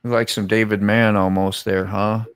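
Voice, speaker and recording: Gravelly low-voiced laid-back man. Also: little pitch movement, a little slow, a bit bright, no room sound, rough recording. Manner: laid-back, fills talk with "you know" and "man". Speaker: show host. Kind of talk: casual chat.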